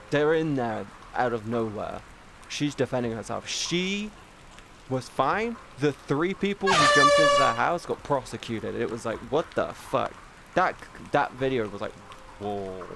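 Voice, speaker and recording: A man chatting casually on a live stream, rambling and excitable, swearing often and restarting sentences. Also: medium pitch, moderate pace, gravelly, background noise.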